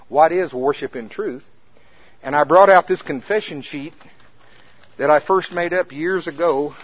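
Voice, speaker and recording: A pastor telling a folksy story in a conversational sermon, with a casual manner. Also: male voice, on the high side. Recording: muffled lo-fi recording.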